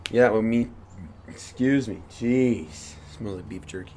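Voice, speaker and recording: A man's voice: fairly low pitch, a little slow, a little mellow, a little hiss or hum. A young man co-hosting a casual podcast, telling a rambling story with swearing and laughs. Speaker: podcast co-host. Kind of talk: casual chat.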